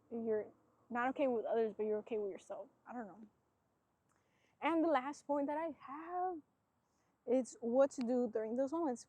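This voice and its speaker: Mellow rambling woman podcaster. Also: fairly high pitch, no echo. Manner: rambling, reflective, heavy use of "like"; earnest, self-searching. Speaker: podcast host. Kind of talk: casual solo podcast talk.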